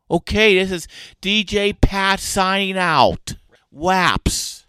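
A man's voice: high-pitched, slow pace, pushed and bright, smooth, no room sound. A man hosting a playful homemade radio show, with goofy, repetitive banter.

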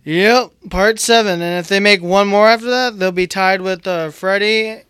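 A man's voice: high voice, fairly even intonation, moderate pace, fairly bright tone, smooth, no room sound. A man speaking as a radio DJ in upbeat, chatty talk. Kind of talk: casual radio chat.

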